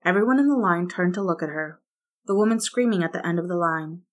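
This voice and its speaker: A woman narrating a story in a steady, even reading voice. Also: fairly low pitch, quick pace. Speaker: fan fiction reader.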